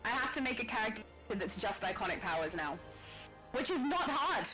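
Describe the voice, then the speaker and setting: A woman co-hosting a game livestream, her voice a little high. She giggles a lot and reads viewer comments aloud in easy chat. Faint music plays softly behind her. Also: very animated, fairly quick, low-quality recording.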